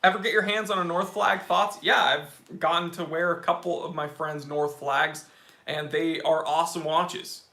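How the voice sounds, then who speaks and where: A man hosting a casual live stream about watches, opinionated and animated, answering viewer questions. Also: on the high side, moderate pace, roomy sound.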